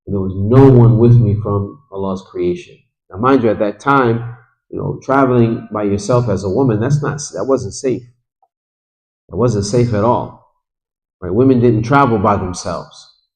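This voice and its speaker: A man's voice: lowish voice, a little slow, a little mellow, rough recording. A man teaching a lesson in a mosque, retelling a story conversationally and with feeling, quoting Arabic and then translating it. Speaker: religious teacher.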